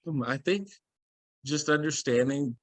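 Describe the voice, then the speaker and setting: A man's voice: fairly high pitch, measured pace, no room sound. A man speaking as a guest on a video call, telling a story with energy and acting out what people said. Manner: animated storyteller, acts out quoted dialogue.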